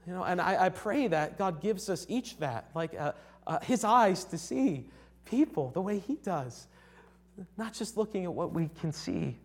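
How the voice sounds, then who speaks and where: A young man from Connecticut delivers a sermon in an earnest, conversational manner. His voice sits a little high for a man, and he often restarts his sentences while checking in with his listeners. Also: very animated, a little slow, slightly rough. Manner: earnest, conversational, with frequent restarts and rhetorical "right?". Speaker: preacher.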